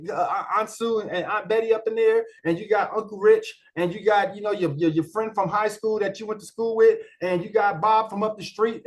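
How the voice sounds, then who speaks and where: A man presenting a marketing software walkthrough in a casual training talk, colloquial and repetitive, full of rhetorical questions. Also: sits high.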